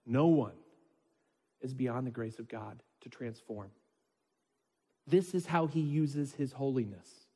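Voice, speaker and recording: A man's voice: medium pitch, takes it slowly, pauses often, warm tone, breathy edge. A man preaching as a pastor, talking conversationally, checking in with listeners, and reading scripture aloud with mounting intensity. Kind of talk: sermon. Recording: long reverb of a large hall.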